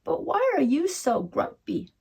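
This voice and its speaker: A woman voicing a kind, curious little girl who speaks in a gentle, coaxing way, read from a storybook. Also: high voice, huge pitch swings, unhurried, vocal fry, pitched above the performer's own voice, exaggerated voice.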